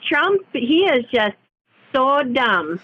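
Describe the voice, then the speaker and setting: A woman's voice: high-pitched, big pitch swings, takes it slowly, husky, no echo, highs cut off, soft background music, exaggerated voice. A woman doing a folksy female politician who bossily coaches in corny sayings. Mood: coaching. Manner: bossy, encouraging, folksy.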